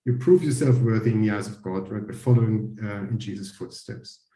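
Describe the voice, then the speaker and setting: A man's voice: on the low side, a little fast, warm tone, echoey room, low-quality recording. A man explaining ideas in a played clip, hesitant and full of ums. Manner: hesitant, many ums and sort-ofs. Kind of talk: explanatory discussion.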